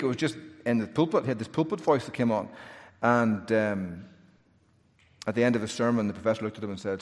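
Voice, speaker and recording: A male pastor preaching a sermon earnestly, building to emphatic peaks and dropping to a hush in prayer. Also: mid-range voice, quick pace. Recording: long reverb of a large hall.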